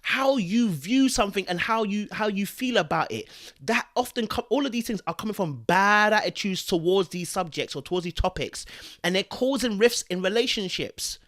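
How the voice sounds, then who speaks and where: Guy on his podcast, kinda high voice, preachy and emphatic, lots of slang and "you get me". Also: lively intonation, moderate pace, fairly bright tone. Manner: preachy, emphatic, full of slang and check-ins. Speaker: podcast host. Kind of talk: opinionated podcast commentary.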